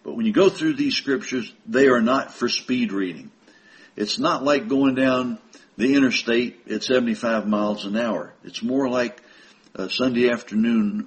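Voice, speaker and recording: A man preaching a sermon to his congregation, speaking slowly and deliberately with emphatic pauses. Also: on the low side, poor audio. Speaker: minister.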